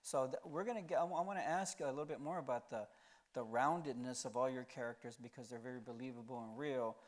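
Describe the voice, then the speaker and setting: A man's voice: mid-range voice, fast. A man moderating a post-screening discussion, asking long and thoughtful questions. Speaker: interviewer, academic moderator.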